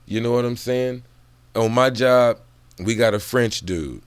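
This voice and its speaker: A man's voice: medium pitch, unhurried, smooth, no echo. A man in casual, profane book commentary, drifting off on tangents and laughing between thoughts. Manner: loose, profane, digressive talk.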